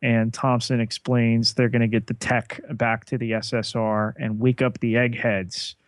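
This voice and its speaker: A man co-hosting a podcast, recapping a TV episode in a measured way with frequent fillers. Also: medium pitch, level tone, no room sound. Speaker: podcast co-host.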